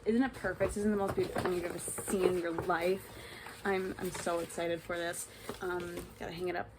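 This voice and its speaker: A young woman from New York chatting on her vlog, excitable and gushing, with lots of ums and giggles. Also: lowish voice, fairly quick, background noise. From New York state. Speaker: vlogger. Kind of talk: casual vlog chat.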